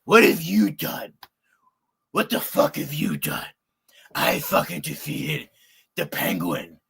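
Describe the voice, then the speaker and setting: A man's voice: on the high side, wildly swooping pitch, slow pace, creaky, a bit bright, slight background noise, heavily acted. A man voicing a crude, boastful male superhero who mocks a rival in a swearing, mock-angry rant.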